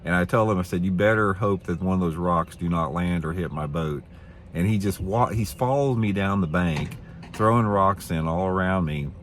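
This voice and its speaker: A middle-aged man, a professional bass angler, telling a story to camera in a rambling, blunt, opinionated way, repeating his words. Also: normal speed, slight background noise.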